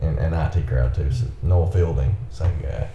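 A man's voice: rumbling low, moderate pace, muffled recording. A man co-hosting a casual movie commentary chat, giggly and rambling, often restarting his thoughts. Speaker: podcast co-host. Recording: echoey room with faint background noise.

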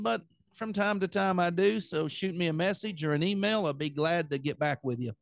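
A man's voice: high voice, moderate pace, vocal fry, soft background music. A man with a Southern accent preaching an earnest, plain-spoken sermon on his podcast.

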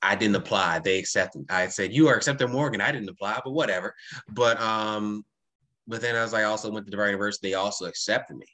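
A woman's voice: very deep voice, fairly quick, sharp tone. A woman hosting a podcast interview, speaking emphatically and giving frequent affirmations. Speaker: podcast host. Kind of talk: casual interview conversation.

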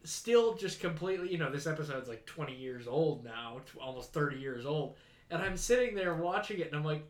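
A man co-hosting a casual podcast chat, rambling and breaking into loud, disbelieving outbursts. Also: fairly high pitch, expressive, fairly quick. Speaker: podcast co-host. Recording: echoey room.

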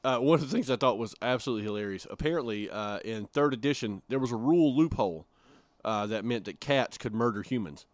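A man's voice: medium pitch, quick pace, no room sound. A man co-hosting a podcast in casual, joking chat, with frequent filler words. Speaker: podcast co-host.

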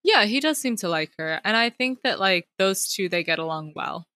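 A woman's voice: mid-range voice, expressive, moderate pace, bright, forceful tone, no echo. A young woman, a teacher, chatting casually about a book on a review podcast, upbeat and full of "like" fillers.

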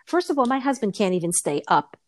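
A middle-aged woman in casual conversation, telling a long personal story with restarts, laughs and lively quoted voices. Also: quick pace. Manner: rambling storyteller, frequent restarts and laughter, swinging pitch when quoting. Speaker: co-host of a chat show. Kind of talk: casual chat.

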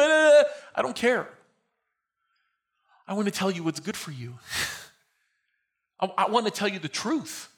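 A man preaching a sermon as pastor, emphatic, moving between loud declarations and quiet, close talk. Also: very high-pitched.

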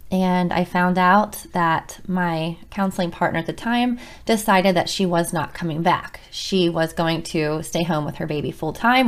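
Heartfelt woman telling a personal story. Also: lowish voice. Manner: emotional, heartfelt, many restarts. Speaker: school counselor and podcast host.

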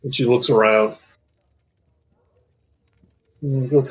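A man narrating a tabletop game as game master, casual and halting with fillers. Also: mid-range voice, steady tone, breathy edge, low-quality recording.

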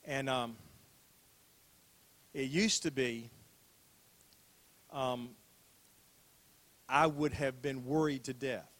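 A man's voice: medium pitch, fairly even intonation, extremely slow, pauses often, fairly bright tone. An older man preaching a sermon as a pastor, talking in a conversational way, repeating phrases and asking rhetorical questions.

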